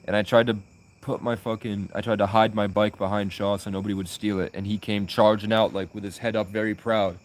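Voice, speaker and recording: A young man telling his own stories in a loose, rambling flow, with frequent restarts and plenty of swearing. His voice sits on the lower side and has an unguarded, conversational feel. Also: flat delivery, brisk. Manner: rambling, profane, with many restarts. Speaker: vlogger. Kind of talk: casual personal storytelling.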